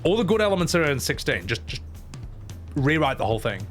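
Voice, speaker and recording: A man's voice: on the high side, sing-song, a little fast, a bit bright, faint music behind. Ranting man doing sarcastic game commentary. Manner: ranting, sarcastic, swears freely. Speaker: streamer.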